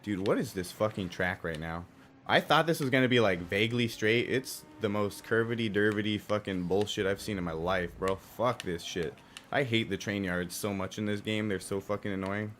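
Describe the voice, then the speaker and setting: A young man streaming a racing game live, talking casually and profanely while he plays, with a hoarse, strained voice and sudden loud outbursts. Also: lowish voice, normal speed, a little hiss or hum. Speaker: gaming streamer.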